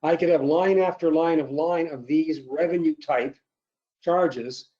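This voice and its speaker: Male presenter, steady explanatory webinar demo; warm, muffled audio. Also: on the high side, unhurried. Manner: explanatory, steady walkthrough with fillers.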